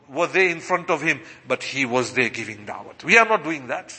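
A man preaching a sermon as an imam, impassioned, swinging between loud exclamations and soft asides. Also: medium pitch, animated, brisk, hardly any pauses, breathy edge, long reverb tail.

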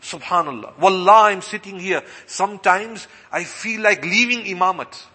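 A high, bright-voiced man delivers a fervent sermon as an imam. His voice is a little husky, rising to loud exclamations and dropping to soft asides. Long reverb trails each phrase. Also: normal speed.

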